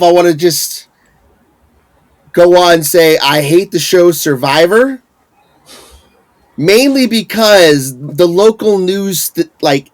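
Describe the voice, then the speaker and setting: A man in his thirties co-hosting a casual podcast, ranting with lots of swearing and laughter. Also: fairly high pitch. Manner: ranting, profane, laughs often. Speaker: podcast co-host.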